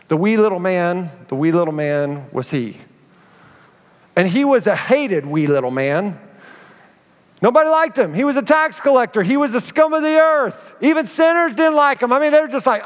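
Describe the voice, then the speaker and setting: A man preaching a sermon as pastor, telling stories with animated energy and acting out the voices of the people in them. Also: high-pitched. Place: church sanctuary. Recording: reverberant church sanctuary.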